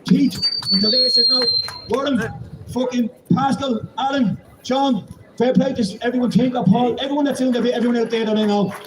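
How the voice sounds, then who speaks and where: High-voiced, fast Irish man at a rally. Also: fairly even intonation. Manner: profane, rousing, rising to shouts. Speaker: protest speaker. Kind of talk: impassioned street speech. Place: outdoor street protest. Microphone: public microphone and PA. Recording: echoey, distant from the mic, loud crowd. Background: crowd.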